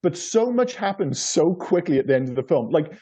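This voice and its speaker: A man's voice: fairly high pitch, big pitch swings, a little fast, dark tone, breathy edge. A man co-hosting a casual film review podcast, rambling and repeating words as he talks, with casual swearing. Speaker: podcast co-host.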